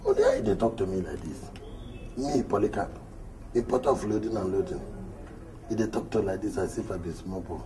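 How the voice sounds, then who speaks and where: A man's voice: lowish voice, a little fast, long pauses, crowd noise, close to an everyday voice, rough recording. A man with a Nigerian Pidgin accent playing a boastful, flirtatious hustler in a comedy film, talking in teasing, swaggering banter. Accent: Nigerian Pidgin English. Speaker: boastful suitor. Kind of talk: Nollywood comedy film acting.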